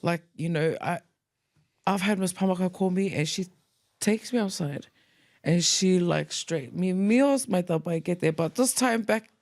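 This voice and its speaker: A woman, co-hosting a podcast, telling school stories in a casual, lively way, acting out quoted voices and mixing in Tongan words. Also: fairly low pitch, a little slow. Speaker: podcast co-host. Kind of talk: casual storytelling chat.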